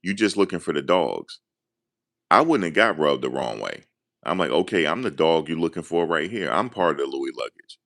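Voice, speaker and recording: Deep-voiced New man, casual rambling fan commentary, excitable. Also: moderate pace. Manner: excited, rambling, animated storytelling. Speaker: sports commentator.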